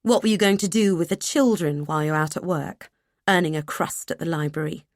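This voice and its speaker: Woman playing a menacing, controlling husband, slow and cold, lower and dry; storybook role. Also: no echo, close to an everyday voice.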